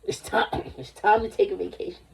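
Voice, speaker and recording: Rambling, profane high-voiced man in his forties. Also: expressive, moderate pace, creaky, distant mic. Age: 40s. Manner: rambling, profane, jumps between topics. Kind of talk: rambling livestream rant.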